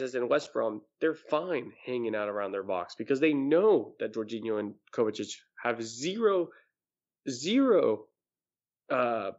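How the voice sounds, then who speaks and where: A man's voice: mid-range voice, lo-fi sound. A man co-hosting a casual sports talk show, giving blunt, emphatic opinions. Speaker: podcast co-host.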